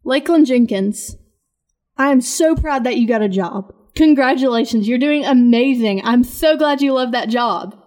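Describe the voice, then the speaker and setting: A woman's voice: a little high, normal speed, darkish tone. A woman hosting a podcast, talking casually in an earnest, rambling and encouraging way. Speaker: podcast host.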